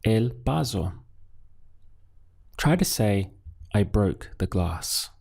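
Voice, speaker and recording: Slow, gravelly male language teacher. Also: on the low side, very animated, darkish tone. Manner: slow, patient, deliberate drilling with repeated words. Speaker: Spanish teacher. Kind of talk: language lesson with drills.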